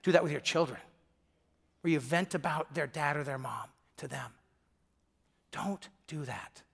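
A middle-aged man from Michigan delivers a sermon as pastor, his voice sitting noticeably high. He talks in a loose, conversational way and acts out the quoted voices of husbands, wives and friends in his stories. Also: gravelly.

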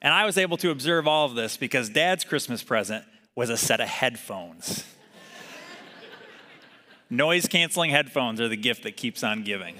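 A man's voice: mid-range voice, animated, normal speed, pushed and bright. A man preaching a sermon in a conversational way, asking the congregation to repeat words after him. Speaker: pastor. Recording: long hall reverb.

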